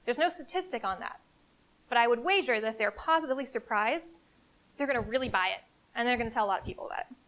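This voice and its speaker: Energetic woman giving a live talk. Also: fairly high pitch, fast. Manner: energetic, conversational, emphatic. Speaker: CEO giving a marketing presentation. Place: event room before a live audience.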